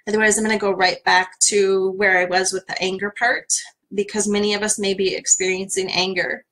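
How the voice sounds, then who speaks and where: A woman leads a live-streamed tapping session in a gentle, soothing voice. Her pitch sits in an ordinary middle range. She talks plainly, with frequent fillers, as she coaches listeners through the steps. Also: rough recording.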